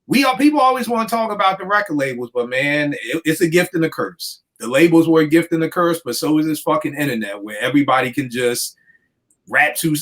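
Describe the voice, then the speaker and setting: A man in his forties, a podcast host, ranting in animated, profane casual chat. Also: on the high side, a little fast. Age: 40s.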